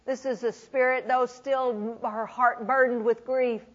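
A woman preaching a sermon, retelling scripture dramatically, swinging from loud proclamation to hushed whispers. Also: a little high, little pitch movement, slow. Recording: dull lo-fi recording.

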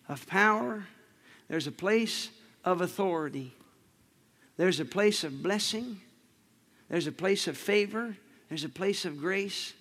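A man's voice: high voice, fairly bright tone. A man preaching a sermon in a playful, joking way, laughing often and calling on the congregation to repeat after him. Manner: emphatic call-and-response delivery.

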